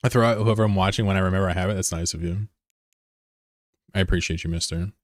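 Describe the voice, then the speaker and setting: A male streamer from the United States with a low, deep voice. He talks in a loose, rambling way and cracks jokes while answering his chat. The recording is close and dry, with no room sound. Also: fast, no echo. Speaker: live streamer. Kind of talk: casual live-stream chat.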